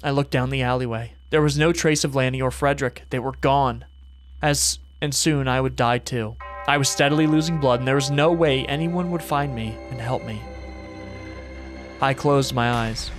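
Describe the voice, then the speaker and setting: Male streamer, mid-pitched voice, reading a horror game's story aloud, game music playing underneath. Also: fairly even intonation, moderate pace. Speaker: gaming streamer.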